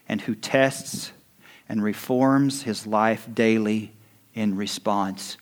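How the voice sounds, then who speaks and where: A man preaching a sermon as pastor. He swings from quiet, hushed lines to loud, rising exhortation. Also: medium pitch, takes it slowly.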